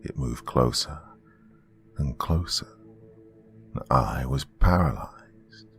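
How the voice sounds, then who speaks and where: A man tells a first-person horror story in a slow, brooding manner. His voice sits very deep with a gravelly, husky texture, unhurried from line to line. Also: fairly bright tone, soft background music. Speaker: horror podcast host and narrator.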